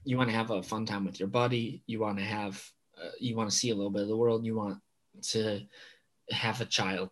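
A man's voice: lowish voice, fairly even intonation, a little fast, fairly bright tone. A man co-hosting a podcast, chatting casually with a friend, teasing and often trailing off mid-thought. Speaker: podcast co-host. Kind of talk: casual chat.

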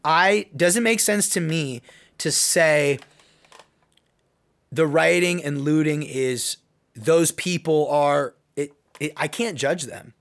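Taking it slowly in a fairly bright voice on the high side, this podcast host, who also coaches youth basketball, offers a rambling, earnest personal opinion piece on his own show, restarting himself often.

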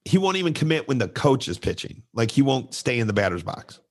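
Animated middle-aged man telling a story. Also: mid-range voice, fairly quick. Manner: animated storyteller, acts out voices of kids and coaches. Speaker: podcast co-host and youth baseball coach. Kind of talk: casual storytelling chat.

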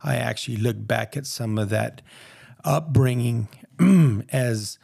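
A man's voice: medium pitch, slow, vocal fry, darkish tone, dry recording, clean studio sound. A man sharing his personal testimony in a casual, earnest, rambling way, acting out the voices of people he quotes.

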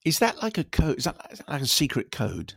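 A man's voice: fairly high pitch, wildly swooping pitch, brisk, vocal fry, slightly rough, no room sound. A man co-hosting a film podcast from a spare room at home, chatting casually and reading listener emails aloud in a dry, teasing way. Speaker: podcast co-host.

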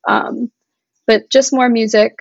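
A woman's voice: on the high side, fairly even intonation, slow, gravelly, no room sound. Chatty young woman, dull dry sound. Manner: chatty, lots of "like", gets emotional. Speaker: podcast guest, singer-songwriter. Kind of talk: casual interview chat.

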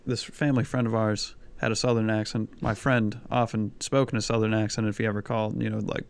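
Smooth-voiced man telling rambling stories. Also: fairly low pitch, flat delivery, fairly quick. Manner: rambling, hesitant storytelling with many fillers. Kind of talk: casual chat.

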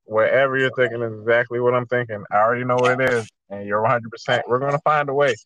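A man co-hosting a casual podcast, excitable and often repeating himself. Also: medium pitch, fast talker, muffled recording. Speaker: podcast co-host.

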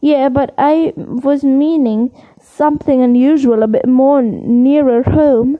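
A big, blunt male gamekeeper speaking in homely rough dialect, put on by a woman reading aloud. The voice sits high and moves slowly. The recording sounds muffled and lo-fi. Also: steady tone.

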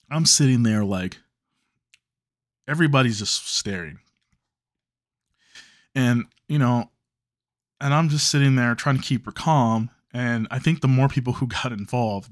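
A man's voice: mid-range voice, no echo, studio quality. A man from Chicago, hosting a podcast, telling a long story in a loose, rambling way, correcting himself and swearing casually. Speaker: podcast host.

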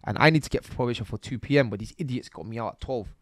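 A young man, telling his own stories as a podcast guest in a lively, slang-filled way and acting out scenes as he goes. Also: mid-range voice, rapid-fire, no echo. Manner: animated, slang-heavy, acts out scenes. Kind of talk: casual storytelling interview.

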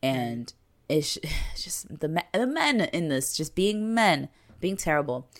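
A young woman co-hosting a podcast, casually recapping an episode and acting out the characters' lines with lively chatter. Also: low voice, takes it slowly. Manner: animated, acts out quotes from the show. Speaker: podcast co-host.

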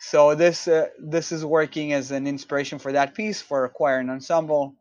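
A man from Israel talks through his work as a guest, thoughtful and full of fillers and restarts. His voice sits a little high for a man. The audio is dull and dry, like a remote call. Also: fairly even intonation, moderate pace, no room sound. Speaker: composer, guest. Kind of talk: casual interview talk.

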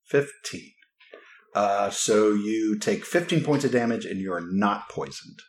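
Low-ish guy dm, slow and easygoing, chuckles a lot. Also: expressive. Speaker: game master. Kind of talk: narrating a tabletop game.

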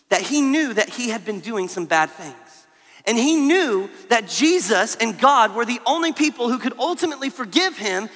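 A man telling a story to children at a camp service, animated and talking straight to them, in a hall with a long echo. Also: very high voice. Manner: animated, talks directly to the kids. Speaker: camp speaker.

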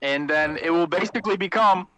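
A man's voice: high voice, a little fast, a bit bright, no echo. A man co-hosting a podcast, rambling and joking with heavy profanity in casual banter. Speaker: podcast co-host.

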